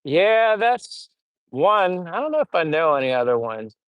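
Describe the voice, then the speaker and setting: Brief: middle-aged American man, easygoing livestream host, rambling chat with fillers, smooth clear voice, dry close recording. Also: a little high, a little slow, no room sound. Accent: General American. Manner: relaxed, rambling, many fillers. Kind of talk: casual livestream chat, reading comments.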